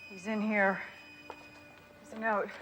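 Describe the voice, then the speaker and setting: An actress playing a calm, sharp-witted woman police detective who lays out the case matter-of-factly. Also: medium pitch, slow, over loud music, close to an everyday voice, rough recording. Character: level-headed woman detective, adult.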